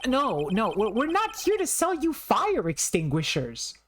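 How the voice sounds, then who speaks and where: A woman's voice: on the high side, huge pitch swings, a little slow, slight background noise, pitched above the performer's own voice. Woman reading a flustered young lawyer. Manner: flustered, stammering. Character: nervous young male defense lawyer.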